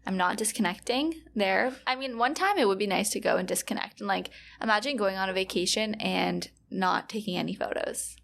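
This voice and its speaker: Chatty young woman with a gravelly edge. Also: medium pitch, fairly quick, hardly any pauses, a bit bright. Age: 20s. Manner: chatty, trailing off with fillers. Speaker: podcast co-host. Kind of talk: casual chat.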